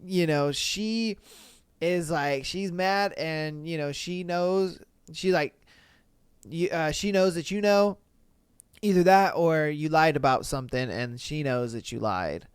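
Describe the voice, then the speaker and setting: A man's voice: on the high side, slow pace, clear, resonant tone, dry recording. A man hosting a podcast, reading listener posts in casual, slangy commentary with laid-back, chuckling asides. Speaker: podcast host. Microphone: studio podcast mic.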